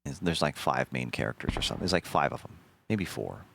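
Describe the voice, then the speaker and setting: Brief: low-voiced male streamer, swooping lively delivery, loose profane chatter, faint hiss behind. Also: fast, gravelly. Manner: rambling, profane, animated storytelling. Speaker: game streamer. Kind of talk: casual gameplay commentary.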